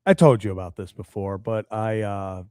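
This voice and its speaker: A man's voice: on the low side, moderate pace, warm tone, smooth, no room sound, clean studio sound. A man in his twenties co-hosting a sports talk show, telling a story in easygoing casual chat. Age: 20s. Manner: easygoing, storytelling with many fillers.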